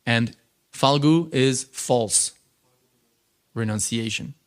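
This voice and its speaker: A man teaching a scripture class in a temple, lecturing in an animated, conversational way with frequent fillers. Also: mid-range voice, takes it slowly.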